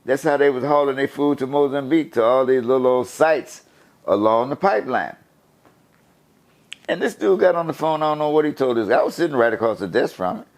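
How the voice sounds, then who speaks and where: An older man from the USA tells a story in a casual interview. His voice swings widely in pitch, rising and falling with each turn of the tale. He talks in an animated, profane way and laughs as he goes. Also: brisk. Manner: animated, profane, laughs while telling stories. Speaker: guest storyteller.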